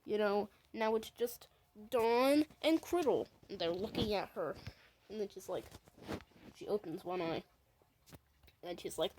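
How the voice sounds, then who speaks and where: A woman's voice: mid-range voice, a little slow, darkish tone, slight background noise, poor audio. A woman casually talks through her own animation scene by scene, rambling and stringing events together with "and then". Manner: rambling, chains "and then he's like". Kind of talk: casual commentary over a video.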